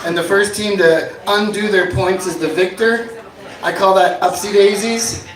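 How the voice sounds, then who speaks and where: A man with a high voice works through a stand-up set of dry one-liners, now and then shouting out a bit. He sounds set back from the mic, and the bar room around him echoes. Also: measured pace, distant mic. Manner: jokey deadpan one-liners, bursts into shouted bits. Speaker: stand-up comedian. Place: inn bar with live audience.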